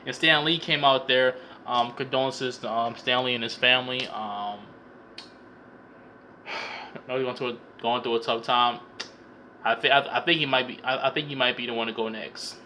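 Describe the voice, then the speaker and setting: Bright-voiced young man rambling through a film recap. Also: mid-range voice, fairly even intonation, moderate pace, a little hiss or hum. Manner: rambling, stammers and repeats words, heavy slang and swearing. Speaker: vlogger reviewing a film. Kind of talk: casual profane comedic movie recap.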